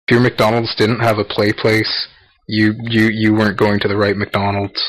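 Blunt, swearing Canadian man, lowish voice. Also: completely flat delivery, moderate pace, low-quality recording. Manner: blunt, swears freely, jokey. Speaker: podcast co-host. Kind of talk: casual podcast chat.

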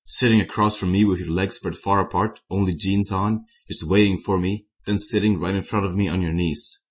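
Tall male zombie smoker, deep voice, teasing and suggestive, a man reading it. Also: steady tone, normal speed, natural voice.

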